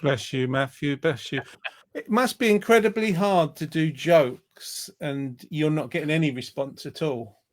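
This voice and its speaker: A man's voice: fairly high pitch, a little slow, no room sound. Upbeat chatty male host. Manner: chatty and upbeat, easy laughter. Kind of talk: casual chat.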